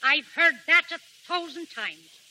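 Strict middle-aged mother, scolding, high bright voice, old radio play. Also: animated, measured pace, slight background noise, heavily acted, low-quality recording. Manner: scolding and know-it-all. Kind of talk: 1930s radio acting.

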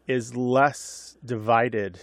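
Gravelly man explaining on radio. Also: mid-range voice, fairly even intonation, extremely slow. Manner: chatty, explains with asides and laughs. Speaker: co-host of a language call-in radio show. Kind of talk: casual radio chat and explanation.

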